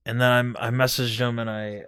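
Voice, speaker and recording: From his home gaming setup, a gaming video host tells a rambling, profane story about a friend he games with, restarting often and quoting dialogue. His mid-range voice is level, a little fast, fairly bright, clear, and resonant.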